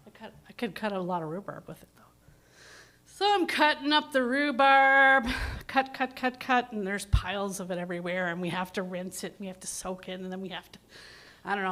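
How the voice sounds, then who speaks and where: A woman in her fifties tells a funny story from her past at a live open mic night. She talks in a chatty, self-deprecating way, with an animated delivery and a voice of middle pitch. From Ontario, Canada.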